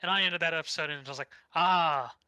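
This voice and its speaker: A man's voice: on the high side, racing, pushed and bright, smooth, no echo, low-quality recording. A young man co-hosting a podcast, rambling through a casual anime recap with easy swearing. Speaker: podcast co-host.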